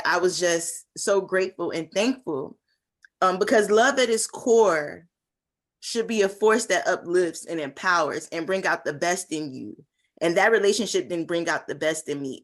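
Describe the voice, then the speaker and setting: Young woman on a video call telling her survival story, earnest, lots of ums, lowish voice. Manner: earnest, heartfelt, many fillers. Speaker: conference speaker. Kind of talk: personal testimony talk.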